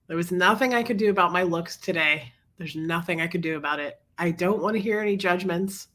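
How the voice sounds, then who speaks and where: A livestream host who is sick and congested talks fairly quickly in a low, husky voice with a slightly bright edge. She chats casually, greeting viewers by name as coughs interrupt her.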